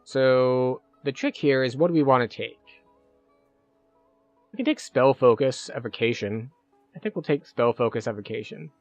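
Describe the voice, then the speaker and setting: A man live-streaming a game, chatting casually and thinking out loud as he plays. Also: medium pitch, animated, moderate pace, dry recording, dull audio, faint music behind. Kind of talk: live-stream gameplay commentary.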